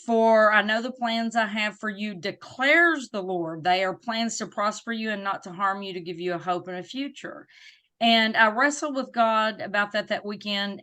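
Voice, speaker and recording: A middle-aged woman with a Southern US accent, a guest telling a personal story in an interview with emphatic, faith-filled warmth. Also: medium pitch, clean tone. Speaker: guest, disability advocate.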